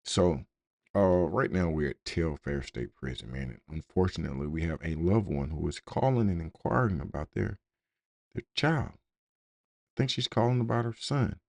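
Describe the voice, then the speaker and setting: Very deep-voiced man hosting a blunt talk show. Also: animated, normal speed, creaky, darkish tone, no room sound. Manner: blunt, informal, conversational. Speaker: host. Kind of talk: casual commentary.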